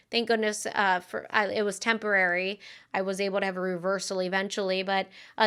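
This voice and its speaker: A young woman co-hosting a podcast tells a personal story. Her voice is bright and crisp, and her tone is earnest and conversational, with plenty of "um"s along the way. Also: mid-range voice. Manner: earnest, conversational with frequent fillers. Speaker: podcast co-host.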